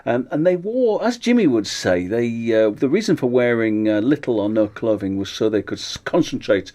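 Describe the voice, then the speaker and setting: A man's voice: medium pitch, big pitch swings, moderate pace, mellow. A man, a comedian guest on a radio show, telling wry anecdotes with plenty of fillers. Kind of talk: casual interview chat.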